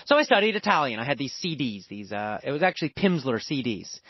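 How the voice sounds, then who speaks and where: Lively American man telling a lesson story. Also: medium pitch, fast talker, slightly rough, dry recording. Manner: emphatic, repeats words for emphasis. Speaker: language teacher. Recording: dull lo-fi dry recording.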